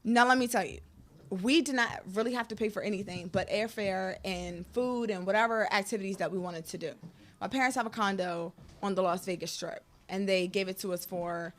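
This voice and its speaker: A woman's voice: medium pitch, fairly quick, slight background noise. A woman guest telling her personal story frankly and animatedly, often laughing between lines.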